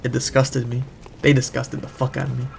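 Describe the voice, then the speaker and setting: Gravelly young man ranting over gameplay. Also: medium pitch, completely flat delivery, a little fast. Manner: rambling, profane storytelling. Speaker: gaming channel host. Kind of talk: casual commentary while playing. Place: home. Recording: noisy background.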